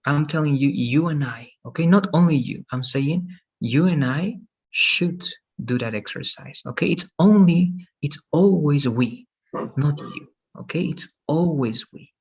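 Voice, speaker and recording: A man's voice: fairly high pitch, a little slow, breathy edge, lo-fi sound. A man teaching English in an online lesson, patient and repeating "okay" and "right" often, heard over a video call.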